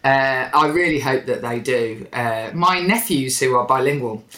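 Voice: medium pitch, measured pace, fairly bright tone, roomy sound. A podcast host, chatting casually in a wry, rambling way with plenty of fillers. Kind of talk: casual chat.

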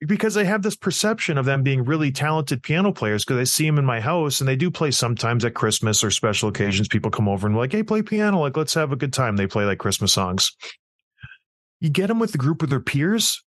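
A man's voice: medium pitch, expressive, fairly quick, no room sound. A middle-aged man co-hosts a sports podcast, telling a long anecdote in a blunt, self-mocking way. His voice sits in an average register and is recorded close and dry, with almost no room around it. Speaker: podcast co-host. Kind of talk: casual sports podcast chat.

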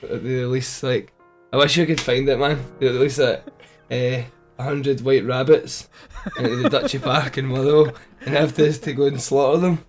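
A man's voice: mid-range voice, steady tone, a little fast, hardly any pauses, soft background music. A man with a Scottish accent in casual chat, rambling through anecdotes, trailing off and chuckling.

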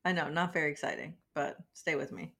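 A woman's voice: sits low, fairly even intonation, a little fast, bright, forceful tone, slightly rough. A woman co-hosting a podcast in casual chat, dry and sarcastic in manner. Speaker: podcast co-host.

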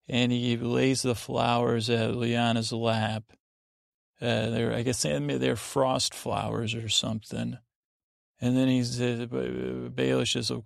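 A man hosting a sleep podcast, slowly retelling a story in a meandering way with many restarts and asides. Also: medium pitch, flat delivery, vocal fry, dry recording, clean studio sound. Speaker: podcast host. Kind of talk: rambling bedtime retelling.

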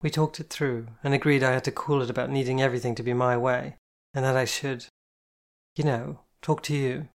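A reader voicing a blunt, sweary young woman in an audiobook who swears freely and is quick to shout. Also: mid-range voice, steady tone, lightly acted. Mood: contrite. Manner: brash and profane, quick to shout. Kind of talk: audiobook character voice.

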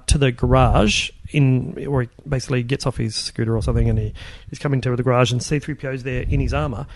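A middle-aged man appears as a guest in a casual interview, talking about his work as a builder of puppets and props for film. His medium-pitched voice is a little mellow and recorded dry, and he rambles, restarting often as he remembers.

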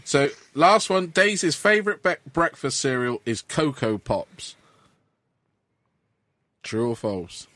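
A man running a casual quiz, his voice a little high and bouncing up and down through every line. He trips over names and laughs at himself as he goes. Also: very animated, slow, pauses often, fairly bright tone, no echo. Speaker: quiz host.

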